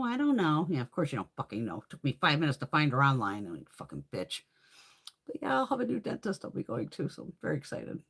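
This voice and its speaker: A middle-aged woman hosting a livestream, telling a story in casual chat, swearing freely and acting out other people's lines. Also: low voice. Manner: profane, animated, mimics others in quoted voices. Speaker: beauty livestream host.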